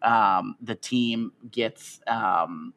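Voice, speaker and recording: A man's voice: fairly low pitch, very slow, a bit bright. A man co-hosting a podcast in casual chat, giggly and rambling with lots of fillers. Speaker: podcast co-host.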